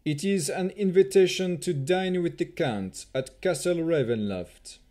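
A man voicing a haughty male elf chamberlain who speaks in a cold, measured, sneering way. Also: fairly high pitch, lively intonation, warm tone, pitched above the performer's own voice. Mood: cold formal.

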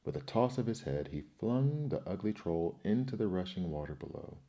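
A man reading folktales aloud as a soft, soothing ASMR bedtime story. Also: deep voice, expressive, normal speed, dull audio.

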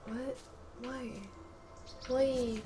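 A woman with a high voice gives casual let's-play commentary in a flat, very slow, sarcastic delivery over background noise. She talks to the game and often laughs and yelps.

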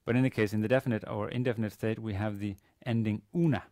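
A man giving a university grammar lecture, pausing often with fillers and restarting his sentences. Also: on the low side, steady tone, darkish tone, no room sound, clean studio sound. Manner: hesitant, many fillers and restarts. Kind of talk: classroom lecture. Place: university classroom.

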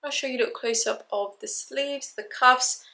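A young English woman chats upbeat to camera about her shopping haul, her voice jumping up whenever she mentions a price. She speaks at normal speed in a high, creaky voice that sounds pushed and bright, in an echoey room.

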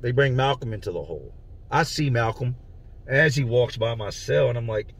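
A man's voice: medium pitch, lively intonation, moderate pace, creaky. A man telling a story from his own prison time in a casual, slangy way, stopping to explain terms. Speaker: storyteller recounting prison life.

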